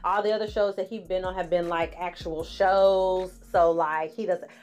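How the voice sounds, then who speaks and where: A woman's voice: fairly low pitch, steady tone, normal speed, darkish tone. A woman in her forties giving a casual, sassy recap of a reality show, calling her viewers honey and laughing often. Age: 40s. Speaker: online TV reviewer.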